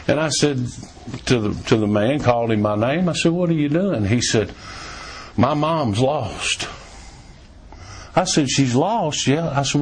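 A man preaching a sermon in a folksy, storytelling way, swinging between emphatic raised lines and low, quiet ones. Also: slight background noise.

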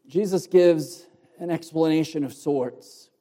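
A pastor delivers an expository sermon verse by verse, stressing each word deliberately and emphatically as he explains Greek terms. His voice is dark and mellow yet pitched slightly high, and a long, church-hall reverb trails the sound.

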